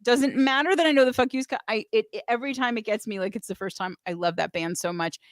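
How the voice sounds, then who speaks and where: A woman's voice: on the high side, fast, no room sound, studio quality. A woman hosting a live music show, chatting enthusiastically, swearing freely and reading out chat comments. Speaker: host.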